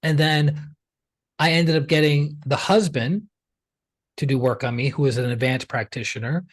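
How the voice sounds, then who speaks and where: A man, a healer, telling his story as an interview guest in a chatty, animated way, often using "like" and acting out what others said. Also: on the high side, normal speed, dry recording. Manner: chatty and animated, acts out quoted dialogue, many "like" fillers. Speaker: pranic healer, podcast guest.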